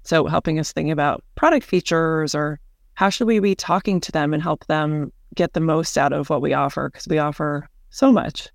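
A woman's voice: sits low, normal speed, gravelly, no echo, studio quality. A woman, a senior director and podcast guest, explaining her company's services in an upbeat, enthusiastic way. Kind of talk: business podcast interview.

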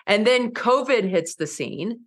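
A woman in her forties telling her story as an interview guest, lively and laughing often, acting out quoted lines with big jumps in pitch. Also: measured pace. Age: 40s. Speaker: guest, mountaineer and speaker.

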